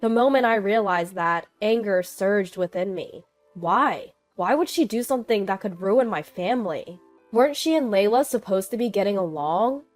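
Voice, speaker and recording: A woman reading a first-person family drama as scripted narration, in an even, steady manner. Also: medium pitch, normal speed, soft background music.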